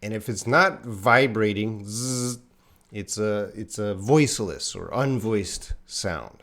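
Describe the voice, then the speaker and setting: A man's voice: lowish voice, slow pace, fairly bright tone. A man teaching English pronunciation in a live online class, drilling consonant sounds, asking viewers to repeat after him and reading names from the chat.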